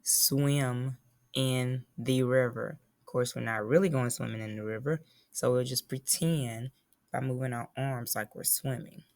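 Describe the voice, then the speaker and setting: A woman's voice: rumbling low, fairly even intonation, normal speed, vocal fry, darkish tone. A woman teacher giving a phonics lesson to young children, patiently spelling and sounding out words.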